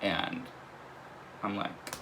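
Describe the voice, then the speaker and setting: A young man telling a casual story, animated and profane, often laughing as he goes. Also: drawn-out words, low-quality recording. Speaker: vlogger. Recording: noticeable background noise.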